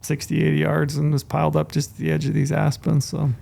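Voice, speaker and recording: A man's voice: on the high side, completely flat delivery, quick pace, gravelly, warm tone. A man co-hosting a podcast, telling a long story casually, with restarts and quoted dialogue, on a studio mic. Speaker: podcast co-host.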